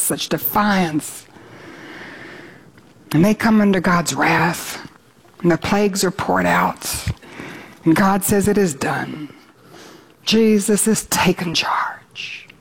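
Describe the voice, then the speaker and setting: A woman preaching a sermon, earnest and rising to exultant as she reads scripture aloud. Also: on the low side.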